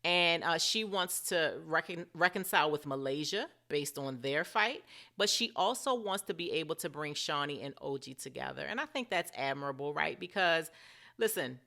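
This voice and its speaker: A middle-aged woman talks through reality TV in a relaxed, chatty way and keeps asking her viewers for their opinions. Her voice sits low in pitch but sounds bright and forceful. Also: normal speed, vocal fry. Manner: chatty, asks viewers directly. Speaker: reality TV commentator. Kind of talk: casual commentary vlog.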